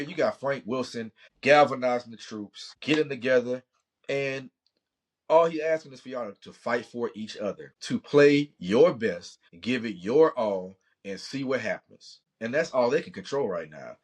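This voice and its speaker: A man's voice: medium pitch, animated, moderate pace, a little hiss or hum. A middle-aged man from Louisiana hosting a sports podcast, talking passionately in a rambling way with Southern slang. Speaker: podcast host. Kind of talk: sports opinion talk.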